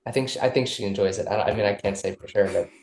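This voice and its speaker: A man's voice: on the low side, rapid-fire, darkish tone, a little hiss or hum. A man guesting on a casual podcast, loose and rambling with many restarts. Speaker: musician guest. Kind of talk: casual interview chat. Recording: roomy echo.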